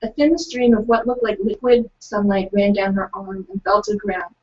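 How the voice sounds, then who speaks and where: A woman's voice: on the high side, very animated, moderate pace, mellow, distant mic. A young woman co-hosting a live online writing session, chatting casually, hesitant with many fillers and giggles between lines. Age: young adult. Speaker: co-host of a virtual writing event. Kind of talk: casual chat, reading out excerpts. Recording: muffled, from away from the mic.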